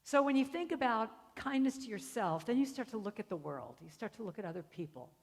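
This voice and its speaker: A woman's voice: a little high, fairly quick. Woman, middle-aged, storytelling sermon, acts out voices, reverberant hall. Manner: animated, acts out voices in her stories. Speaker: guest speaker. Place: spiritual center hall.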